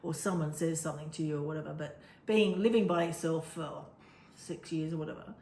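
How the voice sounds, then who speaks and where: A woman's voice: deep voice, steady tone, a little fast, a little mellow. A woman in casual chat as a co-host, rambling and laughing easily. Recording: echoey room with faint noise.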